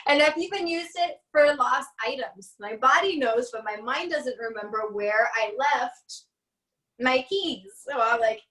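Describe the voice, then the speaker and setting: A casual, chatty woman teaching an online class and laughing easily. Her voice sits a little high. She is heard from a distance in an echoey room over a video call. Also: measured pace, sharp tone.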